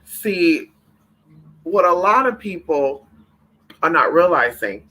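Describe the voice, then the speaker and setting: A man hosting a spiritual livestream, chatting casually with viewers in an animated, profane way, calling them honey and girl. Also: fairly high pitch, slow pace, poor audio.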